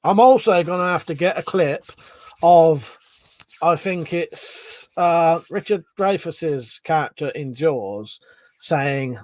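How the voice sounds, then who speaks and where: A man's voice: fairly high pitch, takes it slowly, a little mellow, no echo, studio quality. A man from Buckinghamshire, hosting a livestream in casual chat, reading out viewer comments, laughing often and swearing freely. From Buckinghamshire, England. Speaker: livestream host.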